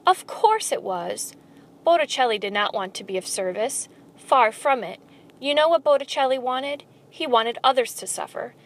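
A woman reading a children's storybook aloud, expressive and speaking straight to the listener. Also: sits high, normal speed. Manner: expressive, addresses the listener directly.

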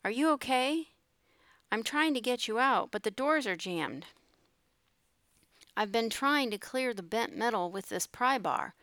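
A woman's voice: a little high, animated, a little slow, long pauses, fairly bright tone, no echo, clean studio sound, voice pushed up. A woman reading the lines of a worried, grieving man trapped in a flooded boxcar, in an urgent manner.

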